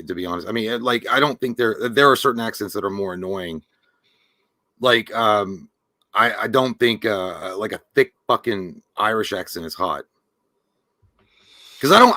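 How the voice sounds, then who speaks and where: Bright-voiced man joking with hesitations. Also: medium pitch, no echo, studio quality. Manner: hesitant, crude joking with many fillers. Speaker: podcast co-host. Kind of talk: casual live-show chat.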